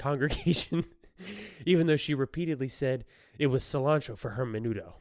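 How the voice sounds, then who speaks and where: A man's voice: mid-range voice, no echo, clean studio sound. A man hosting his own podcast, retelling a news story in casual chat and laughing often as he goes. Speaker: podcast host. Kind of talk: casual solo podcast commentary.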